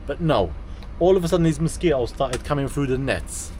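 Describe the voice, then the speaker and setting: A man chatting to camera as a travel vlogger, with a lively, exclamatory and sometimes frustrated manner, recording in and around a camper van. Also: mid-range voice, brisk, a little hiss or hum. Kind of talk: casual vlog to camera. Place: camper van and outdoors at a rock site.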